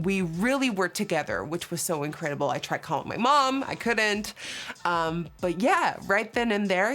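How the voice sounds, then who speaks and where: A woman, chatting as a beauty vlogger and telling a story while doing her makeup. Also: mid-range voice. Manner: animated, acts out quotes, fast asides.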